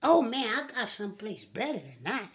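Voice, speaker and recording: A woman's voice: fairly high pitch, sing-song, moderate pace, breathy edge. A woman doing a sweet-talking shady man. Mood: coaxing. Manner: coaxing, insistent. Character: shady grown man in a pickup truck, sweet-talking and pushy.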